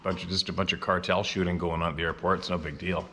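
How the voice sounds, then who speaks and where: A man's voice: sits low, level tone, quick pace, a bit bright, slight background noise. A middle-aged man from Canada hosting a show, talking casually and bluntly, swearing freely and getting fired up as he talks. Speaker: show host. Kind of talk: casual monologue.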